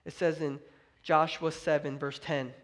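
A man's voice: a little high, little pitch movement, a little slow, a bit bright. A young man preaching a sermon as a pastor, speaking with fervent, emphatic energy and acting out scripture quotes.

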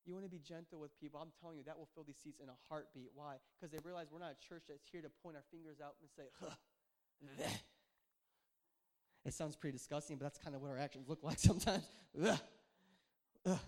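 A young adult man, a pastor, preaching a conversational sermon, joking and telling animated stories. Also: fairly high pitch.

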